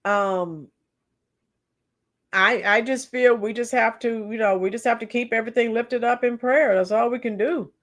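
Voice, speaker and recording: A woman with a hoarse, cracking voice giving chatty, opinionated political commentary on a live stream and reading viewer comments. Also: on the high side, fairly even intonation. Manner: opinionated, chatty, sings song snippets slowly. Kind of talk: casual political commentary livestream.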